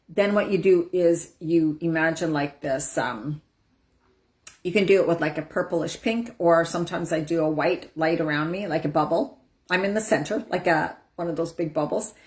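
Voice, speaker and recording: Woman, live-stream empowerment coach; lowish, soothing voice, breathy whoosh releases. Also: normal speed. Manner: soothing, demonstrates breathing out with loud whooshing sighs. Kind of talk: casual live-stream teaching.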